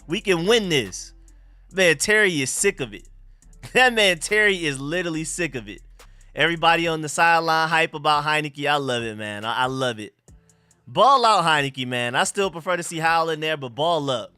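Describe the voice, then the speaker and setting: A man's voice: a little high, lively intonation, fairly quick, bright, forceful tone, clear, resonant tone, dry recording, faint music behind. A young man hosting a live sports reaction stream, hyped and slangy, repeating himself as he reacts to the game. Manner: hyped, repeats phrases, slangy street talk.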